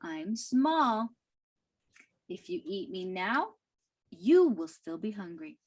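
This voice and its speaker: A woman teaching a language class, reading a short story aloud line by line and explaining it slowly and carefully. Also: medium pitch, very animated. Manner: slow, careful, with fillers and soft laughs.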